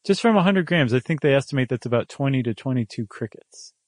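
A man's voice: medium pitch, lively intonation, quick pace, darkish tone, no echo, studio quality. A man co-hosting a podcast, chatting casually and joking, with frequent ums as he thinks aloud. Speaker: podcast co-host. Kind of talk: casual chat.

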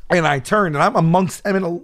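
Animated storytelling man, laughs often. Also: sits high, quick pace. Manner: animated, laughs often, acts out shouted quotes. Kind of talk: casual storytelling chat.

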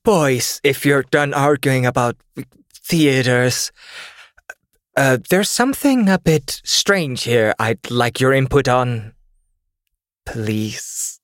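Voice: mid-range voice, lively intonation, slow pace, long pauses, dry recording. Give me a player doing a polite paladin man in a weird put-on accent, dry and close.

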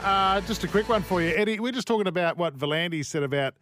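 A man's voice: high-pitched, fast, noisy background. An Australian man co-hosting a sports radio show, trading blunt, joking one-liners in casual banter, recorded in a studio. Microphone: studio microphone.

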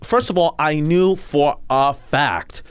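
A man's voice: on the high side, takes it slowly, smooth. A man hosting a podcast who chats casually and enthusiastically, rambling through many restarts. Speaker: podcast host.

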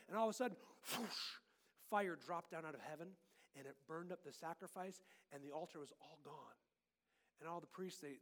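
A man giving a lively children's sermon with volunteers, playful and animated, swinging between loud bursts and hushed tones. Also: on the high side. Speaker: children's pastor.

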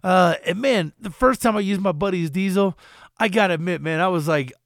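A man with a high-pitched voice hosts a relaxed car podcast. He is middle-aged and sounds energetic and folksy, and the audio is dry and close. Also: brisk, dry recording. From Colorado. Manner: energetic, folksy, lots of "man" and "you know". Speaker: podcast co-host. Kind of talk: casual car podcast chat.

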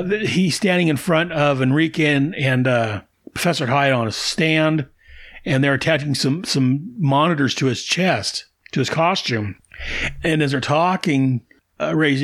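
An enthusiastic man walking through a comic book page by page in relaxed commentary. His voice sits slightly high for a man. He stumbles, restarts, and laughs often as he goes. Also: normal speed. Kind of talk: casual commentary.

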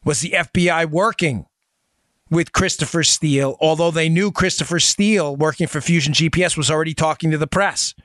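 A man's voice: on the high side, a little fast, fairly bright tone, no echo, studio quality. Emphatic middle-aged male political podcast host. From New York. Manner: emphatic, fires rhetorical questions, talks to "folks".

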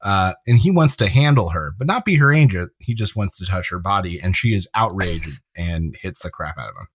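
A husky, slightly low male voice walks through an old TV episode and its trivia in casual podcast chat. He laughs often between facts. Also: animated, fairly quick, no echo. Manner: laughs often while recapping, trivia-minded. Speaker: podcast co-host.

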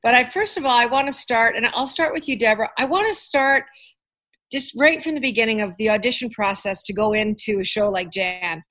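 A woman's voice: fairly high pitch, fairly quick, a bit bright. A woman hosting an interview podcast, chatty and self-deprecating, joking as she goes. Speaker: podcast host. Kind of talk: casual interview chat.

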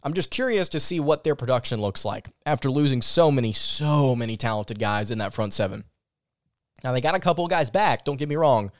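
A man's voice: medium pitch, animated, fairly quick, no echo. A man hosting a sports podcast in casual, opinionated talk, close to the mic. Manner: chatty, opinionated and self-deprecating. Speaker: podcast host.

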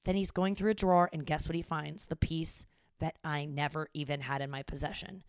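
Smooth low-pitched young woman, exasperated. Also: a little fast, dry recording, studio quality. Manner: animated, exasperated storytelling with swearing. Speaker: podcast host. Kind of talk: casual monologue. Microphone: studio mic into a mixing board.

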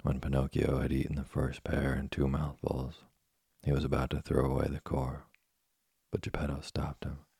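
A man reading a children's book aloud in a steady, plain way. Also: very deep voice, moderate pace, vocal fry, breathy edge, no echo, clean studio sound. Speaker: storyteller.

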